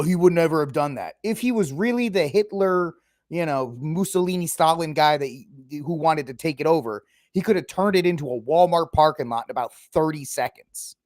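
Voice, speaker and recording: A man hosting a casual political podcast, opinionated and mocking, sometimes acting out quick impressions of politicians. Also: on the high side, darkish tone, no room sound, studio quality. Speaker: podcast host.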